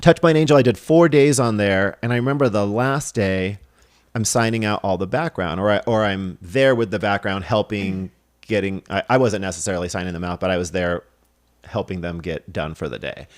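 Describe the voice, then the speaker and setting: On a podcast, a guest who directs films and works as an assistant director tells stories in a casual way, his low-leaning voice a little fast. He gets animated, voices the quoted dialogue, and laughs along as he talks.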